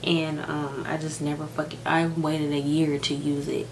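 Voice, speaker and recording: A woman's voice: deep voice, level tone, moderate pace, background noise. A young woman vlogging while doing her makeup at home. She talks frankly and tearfully, says "like" a lot and swears. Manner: frank, heavy use of "like" and swearing. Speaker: beauty vlogger. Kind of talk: casual get-ready-with-me chat. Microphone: camera microphone.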